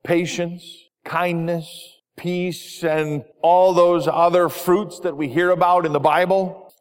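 A man voicing a kindly, forgiving grown farmer who talks in an earnest, gently pleading way, heard with a long hall reverb. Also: high-pitched, smooth. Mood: gentle, wry.

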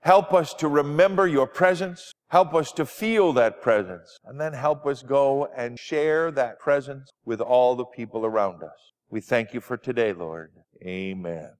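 A man giving a children's sermon as pastor, animated and sing-song, asking the kids simple questions. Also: medium pitch, a little slow, hardly any pauses. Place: church sanctuary. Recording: long church reverb.

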